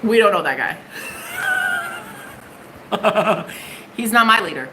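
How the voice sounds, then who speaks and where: A woman's voice: medium pitch, lively intonation, slow pace, noisy background. A young woman from the United States giving a live-stream tarot reading, chatty and bubbly with plenty of swearing. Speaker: tarot reader.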